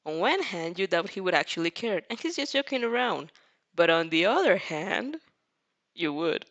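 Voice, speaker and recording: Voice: medium pitch, very animated, moderate pace, a bit bright, dull audio. A fanfic reader narrating a story aloud in a casual way, often stumbling over words and breaking into laughter. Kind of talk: reading a fanfic aloud with reactions.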